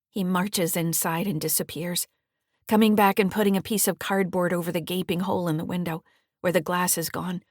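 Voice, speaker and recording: A woman author reading her thriller audiobook in a measured, steady first-person narration. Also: lowish voice, no echo, clean studio sound.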